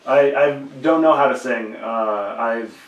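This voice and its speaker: A man's voice: mid-range voice, measured pace, lo-fi sound, a crowd in the background. A man co-hosting a podcast, trading playful, teasing jokes in casual comedic banter. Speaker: podcast co-host. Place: indoor recording room. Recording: roomy room, mic at a distance.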